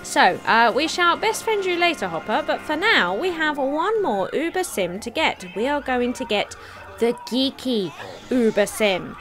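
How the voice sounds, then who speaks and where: A high-pitched woman with a very lively, sing-song delivery, chattering excitedly as she plays a cozy game. She gasps and giggles often, and faint game music plays under her voice. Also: moderate pace, hardly any pauses. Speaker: game streamer. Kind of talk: let's play commentary.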